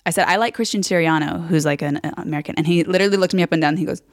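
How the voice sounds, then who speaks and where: A chatty woman from Southern California, co-hosting a podcast and rambling through family stories with lots of "like" and "um." Her slightly low voice is dry and close to the mic. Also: fairly even intonation, rapid-fire, dry recording. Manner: chatty, storytelling, many fillers. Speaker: podcast co-host. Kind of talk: casual chat.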